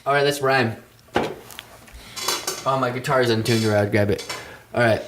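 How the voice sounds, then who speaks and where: A man's voice: mid-range voice, fairly even intonation, moderate pace, noisy background. A young man co-hosting a podcast, chatting loosely and profanely, laughing and breaking into freestyle rhymes. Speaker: podcast co-host. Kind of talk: casual podcast chat with freestyle rapping.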